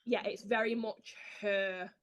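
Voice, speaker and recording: A woman, an author being interviewed, who tells stories in a lively way, acts out her own dialogue and swears casually. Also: medium pitch, a little slow, no room sound. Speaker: author guest. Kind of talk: casual chat.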